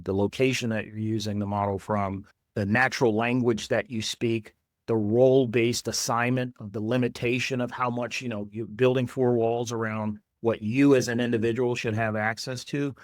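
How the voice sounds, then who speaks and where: A man, a security executive, giving measured and thoughtful answers in an interview. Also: on the low side, no echo, studio quality. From United States. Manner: measured, thoughtful, repeats "I think".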